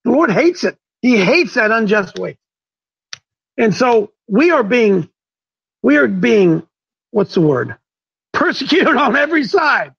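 A man's voice: very high-pitched, big pitch swings, measured pace, vocal fry, pauses often, a bit bright, breathy edge. A man hosting a religious talk show, asking rhetorical questions and restarting his sentences often. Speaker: host. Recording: dull lo-fi sound.

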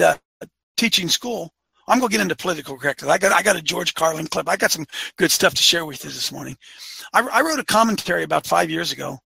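A man's voice: high-pitched, gravelly, bright, forceful tone, slightly rough, no room sound. A man delivering a fiery opinionated monologue as a show host, firing off rhetorical questions and repeating phrases for emphasis.

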